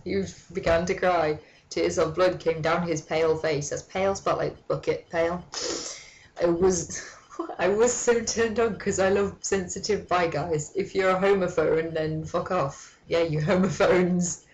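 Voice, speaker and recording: A woman's voice: lowish voice, steady tone, unhurried, highs cut off, slight background noise. Sardonic woman reading aloud mockingly. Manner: sardonic, swearing asides. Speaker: comedic reader. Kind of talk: mock-dramatic reading of a fan story.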